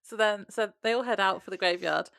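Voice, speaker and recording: A woman's voice: medium pitch, fairly quick, vocal fry, fairly bright tone, clean tone, no echo, clean studio sound. A woman co-hosting a podcast, chatting casually about an episode and laughing often. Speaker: podcast co-host. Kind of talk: casual episode recap chat.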